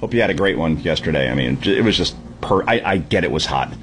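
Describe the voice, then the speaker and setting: A man hosting a Sunday morning talk radio show, giving an opinionated, sarcastic monologue that climbs into yelling. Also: low-pitched, quick pace, a little hiss or hum. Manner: animated, sarcastic, prone to yelling. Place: at the shore.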